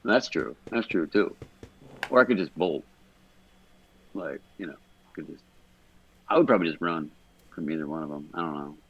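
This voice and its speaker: A man's voice: very deep voice, normal speed, long pauses, fairly bright tone, husky, dull audio. A man in casual podcast chat, stoned, rambling and swearing as he talks. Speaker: podcast guest.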